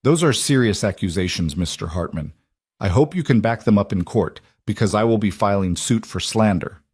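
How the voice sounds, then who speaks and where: A man's voice: fairly low pitch, animated, moderate pace, a little mellow, husky, no room sound, studio quality. A man voicing a cold, scheming rich villain with clipped speech.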